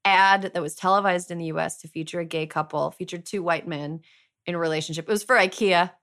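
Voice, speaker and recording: A woman's voice: lowish voice, steady tone, quick pace, fairly bright tone. A woman hosting a podcast, talking casually with lots of fillers and a playful tone. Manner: chatty, filler-heavy, playful. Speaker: podcast host. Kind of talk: casual chat.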